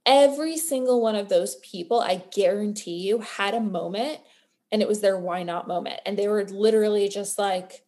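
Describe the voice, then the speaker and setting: A woman's voice: mid-range voice, moderate pace, dark tone. A woman co-hosts a casual podcast. She gives an earnest pep talk with a mid-range voice. Her tone is motivational and sincere. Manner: earnest, motivational, building to emotion. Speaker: podcast co-host. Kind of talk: casual chat.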